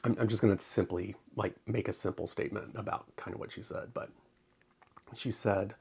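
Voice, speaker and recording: A man hosting his own crafting channel, talking casually on a livestream, halting with many ums and close to tears. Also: fairly low pitch, fairly even intonation, vocal fry, a little mellow, slightly rough. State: tearful.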